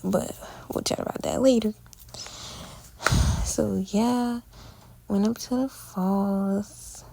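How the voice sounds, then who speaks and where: A woman's voice: medium pitch, vocal fry, dark tone, low-quality recording. An eighteen-year-old woman narrating a casual travel vlog in a chatty, slangy storytelling way. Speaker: vlogger.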